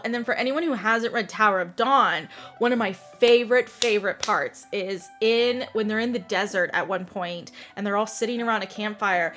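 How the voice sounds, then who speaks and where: A young adult woman hosting a casual book podcast. She talks in an animated way, laughs often and acts out scenes as she tells them. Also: mid-range voice. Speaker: podcast host. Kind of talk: casual chat about books.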